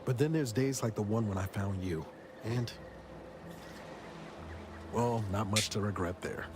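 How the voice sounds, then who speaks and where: A man's voice: on the low side, a little slow, noisy background, natural voice. A man playing a weary male space agent, speaking in a dry, wry, reflective way in game dialogue. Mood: wistful. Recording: game audio with music behind.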